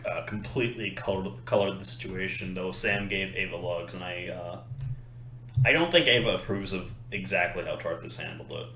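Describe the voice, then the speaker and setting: A man calmly cutting in to clarify a point in casual chat. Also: low-pitched, moderate pace. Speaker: friend clarifying. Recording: echoey room with faint background noise.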